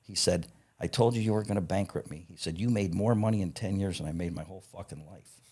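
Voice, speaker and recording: Blunt, profane deep-voiced man in his fifties. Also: fast, darkish tone, breathy edge. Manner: profane, blunt, acts out quoted dialogue; chuckles between lines. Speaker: podcast guest, parts company founder. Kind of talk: casual anecdotal storytelling.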